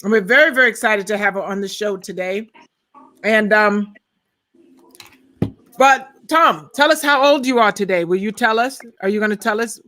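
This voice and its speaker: Bright chatty woman hosting a live stream. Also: mid-range voice, moderate pace, pauses often. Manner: rambling, chatty, stalling while waiting for co-host. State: tired from exhaustion. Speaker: co-host of an online talk show. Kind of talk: casual live-stream chat.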